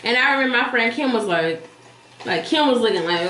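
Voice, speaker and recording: A woman's voice: a little high, a little fast, crowd noise. Blunt storytelling woman vlogger. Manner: animated, blunt, profane, addresses viewers as y'all. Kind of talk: casual storytime chat. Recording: echoey room with faint hiss.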